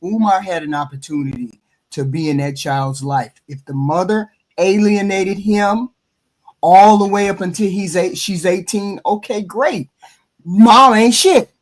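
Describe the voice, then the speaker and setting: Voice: medium pitch, unhurried, darkish tone. A podcast co-host in a heated debate, challenging the other side with the same pointed questions again and again.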